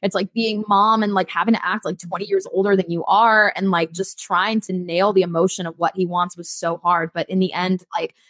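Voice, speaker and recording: A woman's voice: on the low side, flat delivery, brisk, hardly any pauses, fairly bright tone, no room sound, studio quality. A woman in her twenties chatting as an interview guest, filling her talk with "like" and acting out what others said. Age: 20s. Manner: chatty, fills talk with "like", acts out quotes. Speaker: guest performer. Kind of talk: casual interview chat.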